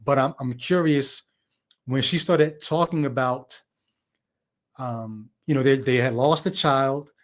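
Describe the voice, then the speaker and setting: A man's voice: medium pitch, slow pace. A man hosting a podcast, talking casually about a film and thinking aloud about what it means. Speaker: podcast host.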